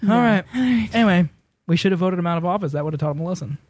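A man's voice: high-pitched, animated, quick pace, a little mellow. A man hosting a casual radio talk show, joking and laughing often with his co-host.

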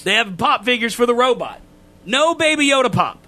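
A man co-hosting a casual podcast, ranting loudly and getting exasperated. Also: very high voice, very animated, fairly quick. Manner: loud, exasperated ranting that climbs into shouting. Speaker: podcast co-host.

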